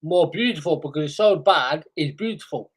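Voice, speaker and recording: A man co-hosting a casual podcast chat over a remote call, agreeable and halting, with many fillers. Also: fairly high pitch, animated, husky. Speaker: podcast co-host.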